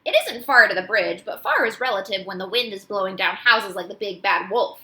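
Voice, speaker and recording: An animated woman reading a children's novel. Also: medium pitch, fairly quick. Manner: expressive, animated. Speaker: audiobook reader.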